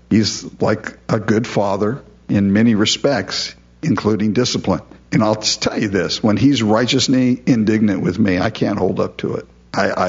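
A man's voice: lowish voice, breathy edge. A man preaching a verse-by-verse Bible teaching in a conversational, emphatic way, often asking his listeners questions. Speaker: pastor. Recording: dull lo-fi recording.

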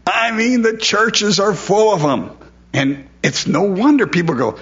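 A man's voice: sits high, animated, measured pace, fairly bright tone, dull audio. A man preaching a sermon in a conversational way, asking his listeners questions and repeating words as he goes. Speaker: pastor.

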